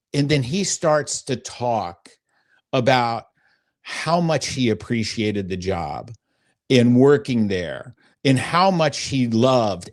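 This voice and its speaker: A middle-aged man talks on a faith podcast, earnest and visibly moved as he tells a long story. His speech wanders, full of fillers and restarts, and sits at an ordinary pitch for a man. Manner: earnest, emotional, rambling with fillers. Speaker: podcast host.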